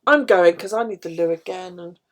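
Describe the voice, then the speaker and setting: A woman's voice: lowish voice, a little fast. A middle-aged woman chatting casually on a live stream, telling stories and swearing freely. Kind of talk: casual chat while journaling.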